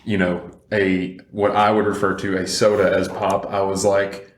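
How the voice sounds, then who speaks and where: A young man with a Southern US accent hosting a podcast, chatty and quick to laugh along with his guest. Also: sits low, level tone, echoey room, slight background noise. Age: young adult. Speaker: podcast host. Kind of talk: casual podcast interview.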